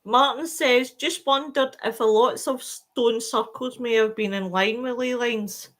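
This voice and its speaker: A tired woman hosting a casual live-stream chat, reading out viewer comments in a chatty, animated way. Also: on the high side, a little slow. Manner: chatty and animated, with many fillers.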